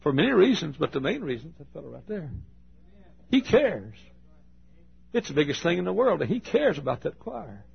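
A man preaching a sermon, telling folksy stories and swinging between loud and hushed delivery. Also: on the high side, very animated, quick pace, gravelly, few pauses, highs cut off. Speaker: pastor. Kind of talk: sermon storytelling.

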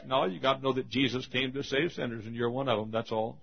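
A male pastor preaching a sermon in a church, with rhythmic repeated refrains that swing from loud calls to hushed asides. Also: mid-range voice, lively intonation, a little fast, creaky, husky, highs cut off. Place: church auditorium.

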